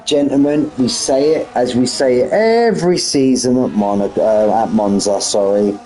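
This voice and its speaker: A man's voice: mid-range voice, low-quality recording. A young man giving chatty, joking live commentary on an online sim race. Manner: chatty, jokey banter with drivers.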